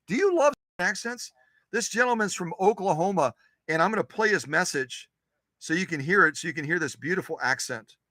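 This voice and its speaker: A man's voice: high voice, expressive, a little fast, pushed and bright, dry recording. A man hosting a live-stream sewing machine workshop, chatty and digressive, often repeating his phrases. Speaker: sewing machine restorer, show host.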